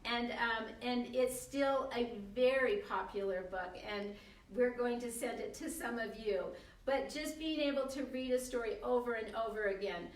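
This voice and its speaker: A woman's voice: fairly high pitch, moderate pace, recorded from a distance. An older woman giving a friendly, encouraging talk to parents on shared reading, with frequent ums. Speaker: early literacy presenter. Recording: echoey room, away from the mic.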